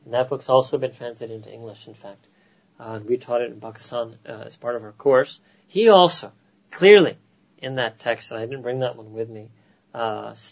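A man's voice: medium pitch, dull audio. Man with an American accent lecturing. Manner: animated, asks rhetorical "right?" often, slips into Urdu phrases. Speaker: Islamic teacher. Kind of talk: religious lecture to a gathering.

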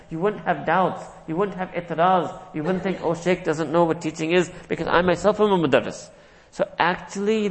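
A man delivers an earnest sermon, weaving in stories and soft chuckles. His voice is gravelly and sits a little high for a man. It rings out with a long echo, as if he is speaking in a large hall. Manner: storytelling, earnest, chuckles often, mixes in Urdu and Arabic terms. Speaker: Islamic preacher.

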